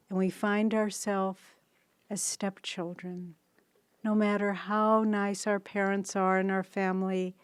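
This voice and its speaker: Woman, sixties, spiritual teacher, devotional talk, unhurried storytelling, earnest, dry close sound. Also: medium pitch, smooth, dry recording.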